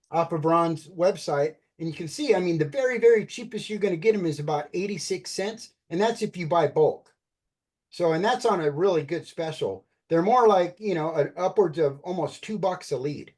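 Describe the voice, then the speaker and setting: Upbeat man pitching on a video call. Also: a little mellow. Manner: upbeat, keeps addressing listeners as "you guys". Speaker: presenter on a team video call. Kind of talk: enthusiastic sales pitch.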